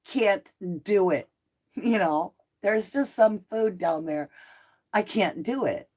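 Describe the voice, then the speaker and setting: A middle-aged woman with a mixed Southern and Northern American accent, hosting a casual live chat and answering viewer comments. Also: deep voice. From Southern United States. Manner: chatty and animated, laughing easily. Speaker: live stream host.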